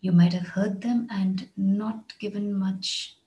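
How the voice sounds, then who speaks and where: A woman teaching an English lesson, speaking deliberately and patiently and repeating key words and examples. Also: medium pitch, steady tone, warm tone, dull audio. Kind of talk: slow, careful lesson narration.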